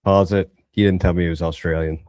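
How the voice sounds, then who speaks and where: A man with a very deep voice joins a casual chat, cracking deadpan jokes and insisting on his point. His voice is close and dry, with no room sound. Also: fast, dry recording.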